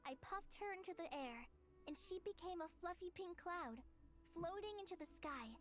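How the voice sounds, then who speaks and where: An actress playing a shy, earnest young woman archer in a video game, speaking softly and heartfelt. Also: extremely high pitch, lively intonation, normal speed, faint music behind. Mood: tender.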